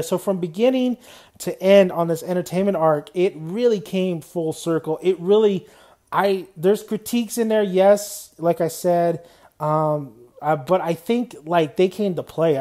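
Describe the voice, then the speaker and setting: A man's voice: high voice, mellow. A young man giving a casual, unscripted anime review, rambling loosely and dropping "man" and "you know" often.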